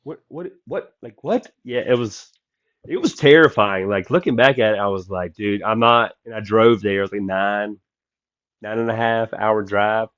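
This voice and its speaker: A man telling a story from the road in casual chat, animated and acting out the people he quotes. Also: lowish voice, normal speed, clear, resonant tone, no room sound, dull audio. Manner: animated, acts out quoted voices loudly. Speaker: comedian guest.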